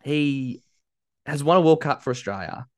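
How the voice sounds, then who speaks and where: With a mid-range, expressive voice at normal speed, this man co-hosts a laid-back rugby league podcast. Reading results aloud, he laughs a lot, teasing and arguing in good fun.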